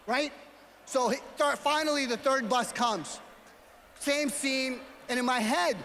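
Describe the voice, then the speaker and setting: A man from New York with a New York accent, giving a motivational speech as a gala speaker and telling a story while often shouting out to the crowd. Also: very high-pitched, unhurried, slight background noise. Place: large banquet hall. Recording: hall reverb, faint ambience.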